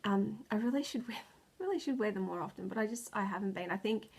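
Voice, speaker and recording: A woman's voice: medium pitch, animated, fast, darkish tone, slightly rough. A tired, stressed woman hosting a knitting video podcast. She rambles, loses her words and laughs often. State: tired and stressed, close to tears. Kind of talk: casual chat.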